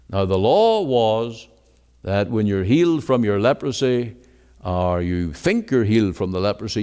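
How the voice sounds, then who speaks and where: A male preacher delivering a sermon with a slow, unhurried pace. His pitch rises and falls dramatically as he swells to emphasize a point and then drops low. The voice carries a long reverb from a church hall.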